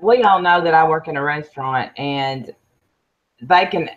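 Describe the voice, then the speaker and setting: A woman with a thick country Southern US accent tells stories in a lively way during a casual chat. Her voice sits low, and the audio is dull and muffled. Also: unhurried. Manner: animated storytelling. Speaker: co-host.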